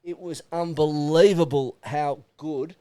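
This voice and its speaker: A man's voice: fairly high pitch, a little slow, smooth, no room sound. A middle-aged Australian man, a podcast guest, talking bluntly and with plenty of swearing in casual chat. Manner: blunt, animated, swears freely.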